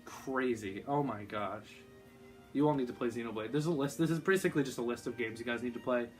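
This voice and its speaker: A man casually vlogging about video games, excitable and gushing, rambling with lots of fillers. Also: medium pitch, a little fast, faint music behind. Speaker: YouTuber. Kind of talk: casual gaming vlog.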